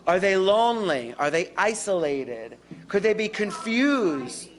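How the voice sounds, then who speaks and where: A woman giving a live workshop on dementia care, animated and acting out calm, reassuring caregiver lines. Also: medium pitch, measured pace, a little hiss or hum.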